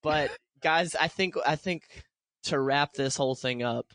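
A man's voice: fairly high pitch, a little slow, fairly bright tone, no echo. An American man co-hosting a podcast, talking earnestly and encouragingly and often repeating himself. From United States. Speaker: podcast co-host. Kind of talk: casual podcast talk.

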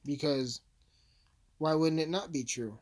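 A man's voice: a little high, a little slow, a little mellow. A man delivering a rambling, profane comedic rant as a vlogger, full of asides and swearing.

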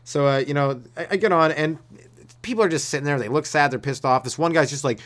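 On his own podcast, this comedian drifts through a loose, easygoing rant, restarting sentences and slipping into character voices. He speaks quickly in a fairly high, fairly bright voice.

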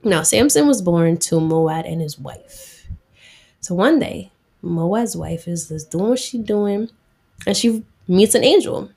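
A woman with a fairly low voice retells a Bible story in a relaxed, slangy way. She speaks in a conversational rhythm, full of fillers like 'like'. It sounds like a chatty youth talk rather than a formal sermon. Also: slow pace, vocal fry, husky.

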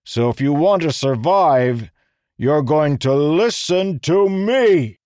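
A man shouting as a commanding soldier. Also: mid-range voice, unhurried, dry recording, pitched above the performer's own voice, lightly acted. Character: male commanding soldier barking orders.

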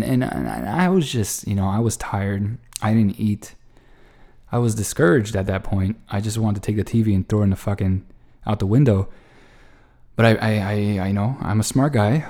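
A man telling a long casual story to the camera, full of restarts and profanity, with an exasperated edge. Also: fairly low pitch. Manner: rambling, profane, lots of restarts; exasperated, animated retelling. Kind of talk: casual anecdote monologue.

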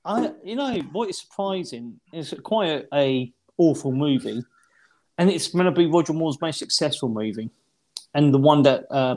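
A man with an average pitch, discussing films on a casual podcast. He rambles and restarts his sentences often, thinking aloud as he goes. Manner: rambling, halting, many restarts. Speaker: podcast co-host. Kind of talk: casual film review chat.

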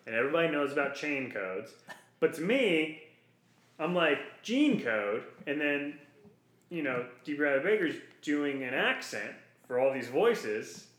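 A man's voice: fairly high pitch, measured pace. Playful rambling podcast guy, roomy sound. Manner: animated, playful, rambling asides. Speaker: podcast co-host. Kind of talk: casual podcast chat. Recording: roomy echo. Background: dog heard at times.

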